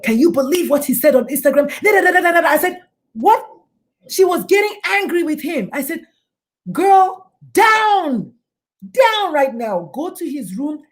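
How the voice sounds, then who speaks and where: A woman's voice: fairly high pitch, a little mellow. A middle-aged woman speaking as a guest in a talk show interview, emphatic and preachy, often acting out the people she quotes. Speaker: guest, doctor and suicide prevention speaker.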